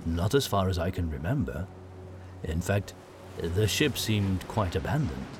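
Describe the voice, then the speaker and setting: A man voicing a thoughtful, wary young male initiate who speaks in a quiet, measured way. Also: low voice, big pitch swings, a little hiss or hum.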